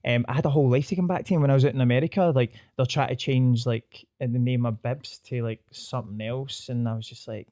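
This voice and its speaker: A man's voice: medium pitch, quick pace, few pauses, no room sound. A young man with a broad Glaswegian accent chats at speed as a podcast host. He tells stories animatedly and puts on exaggerated voices in his quotes. The sound is close and dry. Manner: animated storyteller, broad slang, loud mock voices in quotes. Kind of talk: casual chat.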